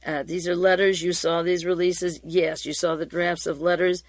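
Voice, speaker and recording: A woman radio host reading hearing transcripts aloud and commenting, in a steady reading voice with occasional fillers and restarts. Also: on the low side, normal speed, dry recording.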